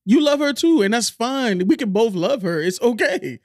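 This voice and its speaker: A man's voice: extremely high pitch, animated, normal speed, a little mellow, dry recording, studio quality. A man co-hosting a podcast, chatting casually and joking with loose, profane banter. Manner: joking, loose, swears freely. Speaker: podcast co-host. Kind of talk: casual chat.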